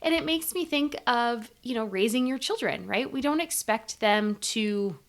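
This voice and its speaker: A woman's voice: on the high side, lively intonation, a little slow. A woman hosting a podcast, agreeing and reflecting casually, with fillers like "you know" and "like". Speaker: podcast host.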